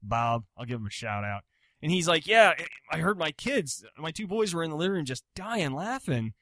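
A man's voice: a little high, big pitch swings, moderate pace, fairly bright tone, no echo, studio quality. A man hosting a podcast in casual chat, telling stories in a rambling way and laughing often. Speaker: podcast host.

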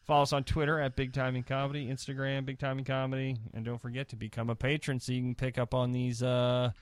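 A man co-hosting a comedy podcast in a laid-back, easygoing way. His voice sits in a middle pitch and sounds dry and close to the mic. He reels off plugs for upcoming shows between jokes. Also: completely flat delivery, fast, clear, resonant tone, no room sound. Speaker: podcast co-host. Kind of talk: casual chat.

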